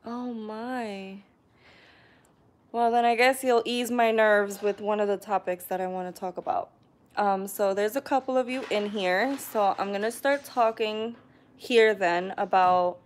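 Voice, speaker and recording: A woman casually chatting on a live stream, reading viewer comments aloud and often clearing her throat. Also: medium pitch. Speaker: vlogger hosting a live stream.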